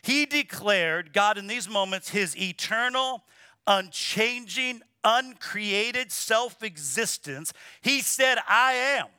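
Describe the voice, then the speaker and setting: A man with a high, piercingly bright voice preaches a sermon to his church. He presses his points hard and repeats words for weight, calling the congregation to say things back. The sound is close and dry, with no room around it. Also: expressive, slow pace, clear, resonant tone, no room sound. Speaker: pastor. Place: church sanctuary.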